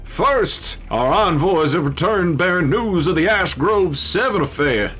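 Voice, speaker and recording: Man doing a pompous male tree-cult preacher, Southern accent, grand sermon delivery, fairly high voice. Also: expressive, a little slow, a bit bright, a little hiss or hum. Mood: solemn, grandiose. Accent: Southern US put-on. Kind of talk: reading game text aloud in character.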